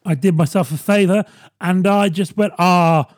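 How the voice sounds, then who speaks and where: A man hosting a podcast, delivering a sardonic comedy monologue with quick asides to the listener. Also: sits high, darkish tone, no echo, clean studio sound. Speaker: podcast host. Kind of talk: stand-up style comedy monologue.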